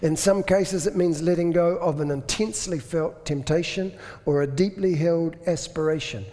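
A man's voice: fairly high pitch, moderate pace, dark tone. A man preaching a sermon, explaining things in a conversational way with dry self-deprecating humor. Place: church. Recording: echoey hall.

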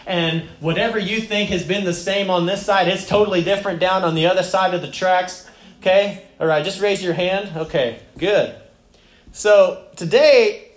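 Pastor guy preaching, kinda high voice, chatty with the crowd, roomy echo. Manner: conversational, talks to the congregation. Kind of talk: sermon.

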